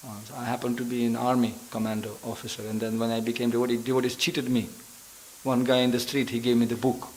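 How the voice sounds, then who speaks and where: A man's voice: medium pitch, level tone, fast, a little mellow, a little hiss or hum, low-quality recording. A man preaching a sermon in a temple who tells stories animatedly, acts out characters and laughs often. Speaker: visiting preacher. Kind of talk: sermon with storytelling. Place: temple hall.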